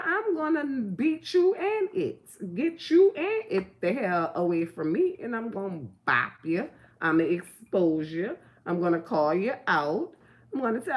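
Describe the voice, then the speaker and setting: Gravelly blunt middle-aged woman. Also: fairly high pitch, a little mellow. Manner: preachy, blunt and profane, full of rhetorical questions. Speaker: vlogger. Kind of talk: casual talk to camera.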